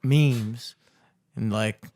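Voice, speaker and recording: A young adult man co-hosting a podcast, chatting casually, rambling and swearing often. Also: extremely slow. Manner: rambling, swears freely, animated swings in pitch. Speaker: podcast co-host. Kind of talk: casual chat.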